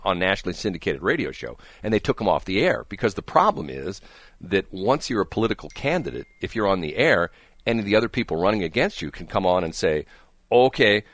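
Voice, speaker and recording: A man's voice: low-pitched, fairly bright tone, no echo, studio quality. A man hosting a radio talk show, chatting casually and rambling with jokes and restarts. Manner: rambling, joking, frequent restarts.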